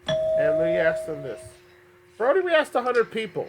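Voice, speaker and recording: Guy hosting a homemade game show, bright sharp voice, trips over his words, kinda under the weather. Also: very high voice, big pitch swings, fast, slight background noise. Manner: upbeat, stumbling and self-correcting.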